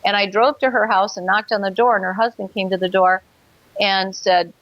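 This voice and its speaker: A woman's voice: medium pitch, fairly even intonation, moderate pace, no echo, muffled recording. A woman guest in a talk show interview, telling a personal story earnestly and vividly, with hesitant fillers.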